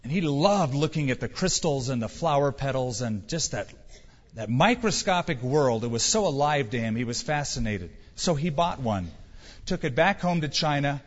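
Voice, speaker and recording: A man's voice: mid-range voice, expressive, normal speed. Man preaching a story-driven sermon. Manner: storytelling, conversational with rhetorical questions. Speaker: pastor. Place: church. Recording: reverberant church hall, dull sound.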